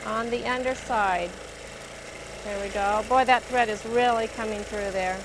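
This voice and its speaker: A woman with a slightly raised pitch walks through a quilting demonstration step by step. She talks chattily as she works. A longarm sewing machine hums clearly under her voice in the studio. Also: unhurried. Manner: chatty, narrating each step as she stitches. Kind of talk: hands-on demonstration. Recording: steady machine noise behind the voice. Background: longarm sewing machine hum.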